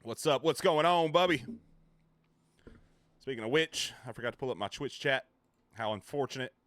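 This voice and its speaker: A man's voice: mid-range voice, animated, normal speed, fairly bright tone, no room sound. A man chatting casually with his viewers on a live stream, joking, rambling and swearing freely.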